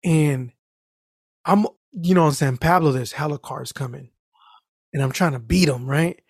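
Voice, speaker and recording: A man telling a story in casual podcast chat, animated and profane, acting out the people in it. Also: on the high side, unhurried, breathy edge, dry recording, studio quality. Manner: animated, profane, acts out the people in his stories.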